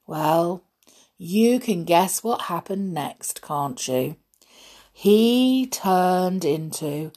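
A woman reading a children's book aloud in an expressive, gently playful way. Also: fairly low pitch, slow pace, slightly rough. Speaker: storyteller.

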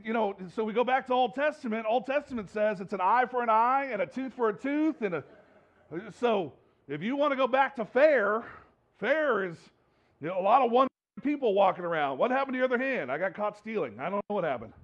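A man's voice: high voice, a bit bright, dull audio. A man preaching a sermon to his congregation in a conversational way, often repeating and restarting his words. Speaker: pastor. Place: church sanctuary with congregation.

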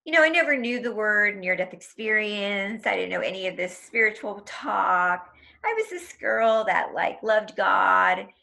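A woman's voice: mid-range voice, expressive, a little slow, creaky, pushed and bright. A young woman telling an intense personal story in an interview, emotional and tumbling, full of "like" and acted-out quotes. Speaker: guest.

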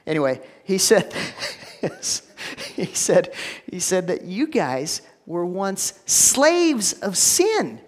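A man preaching a sermon to a congregation, swinging between hushed, slow lines and loud, emphatic ones. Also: high voice, sing-song. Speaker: pastor. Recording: long hall reverb.

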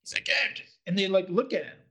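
A man's voice: high voice, animated, fast. A man co-hosting a podcast, animatedly retelling TV scenes in casual chat and acting out the quotes. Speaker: podcast co-host.

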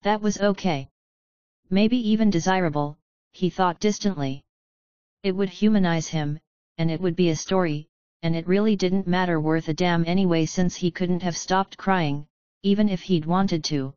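A woman narrating a chapter of a story in a steady, measured reading style. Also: on the low side, smooth, no room sound, muffled recording. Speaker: audiobook narrator. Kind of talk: scripted narration of a fan fiction chapter.

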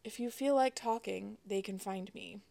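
A woman's voice: medium pitch, normal speed, vocal fry, mellow, lightly acted. Storybook commander: man, cool, polite, unreadable, voiced by a woman. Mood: coolly polite. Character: calm, blank-faced male fleet commander.

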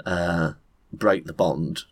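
A man co-hosting a podcast, telling a story in casual chat and acting out people in shrieking high voices. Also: very slow, no room sound. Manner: animated, swears a lot, acts out other people with shrieking high voices. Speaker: podcast co-host.

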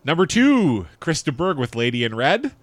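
A man's voice: fairly high pitch, very animated, moderate pace, no echo. A man co-hosting a podcast in casual chat, reading facts and chart lists aloud and chuckling along. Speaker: podcast co-host.

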